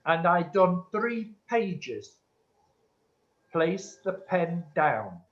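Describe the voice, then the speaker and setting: A man's voice: high voice, big pitch swings, very slow. A man working as a medium, earnestly answering an audience member's question in a church and calling her sweetheart. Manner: earnest and insistent, calls listeners sweetheart. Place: church hall. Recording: dull lo-fi recording.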